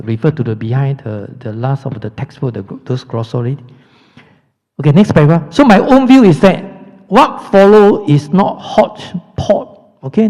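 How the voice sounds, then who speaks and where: A man's voice: a little high, dark tone. A man with a Singaporean English accent teaching a Buddhist dharma class, chatty and throwing rhetorical questions at the class. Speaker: Buddhist monk lecturer. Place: lecture hall. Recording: dull lo-fi hall recording.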